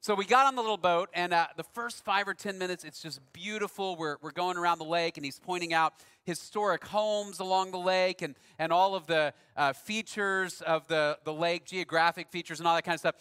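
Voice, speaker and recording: High, bright-voiced preacher telling a story. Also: male voice, brisk, few pauses, smooth, in a large hall. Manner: conversational, self-deprecating storyteller. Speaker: pastor. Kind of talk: sermon with a personal story.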